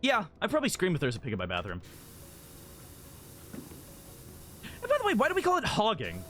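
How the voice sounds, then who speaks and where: A man talks his way through a game on a live stream, wandering from thought to thought with lots of filler words. His voice sits high and swings all over the place, bright in tone. Faint music plays underneath. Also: normal speed. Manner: rambling, giggly, easily excited, many "like" fillers. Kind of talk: casual live-stream chat while gaming.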